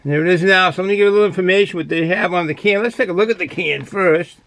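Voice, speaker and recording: A man's voice: high-pitched, quick pace, a bit bright, no echo, poor audio. A man with a Boston accent casually reviewing a beer, rambling with many fillers and restarts.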